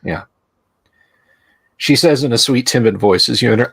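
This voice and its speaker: A man narrating a tabletop game as game master, describing scenes deliberately with some restarts. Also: mid-range voice, vocal fry, breathy edge, no echo.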